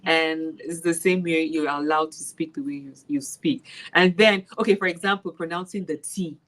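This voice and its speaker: A Nigerian woman and maths teacher, telling classroom stories in an interview with lively laughter. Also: low-pitched, moderate pace, poor audio. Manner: animated storyteller, laughs while retelling classroom moments. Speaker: special education maths teacher. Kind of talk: casual interview.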